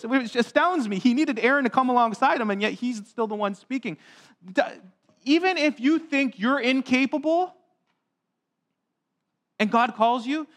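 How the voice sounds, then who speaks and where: A man's voice: extremely high pitch, a bit bright. A male pastor giving a child-friendly sermon in church, chatty and asking the congregation questions. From grew up on a farm. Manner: conversational, asks the congregation questions.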